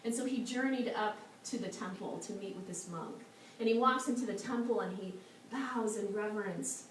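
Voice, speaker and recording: A woman minister giving a storytelling sermon in a church, soft and slow at times. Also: mid-range voice. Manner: soft, slow and meditative at moments. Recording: echoey hall from a far mic, faint noise.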